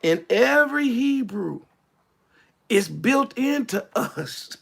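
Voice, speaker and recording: High-voiced preacher guy, all over the place with pitch, laughing and shouting through a sermon. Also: takes it slowly, vocal fry. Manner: animated, laughing, shouting at peaks. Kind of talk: sermon storytelling.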